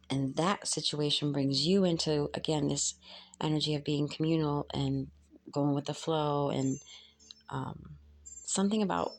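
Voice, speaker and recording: A woman giving a casual spoken tarot reading, halting and earnest as she searches for words. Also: low-pitched, vocal fry. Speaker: tarot reader.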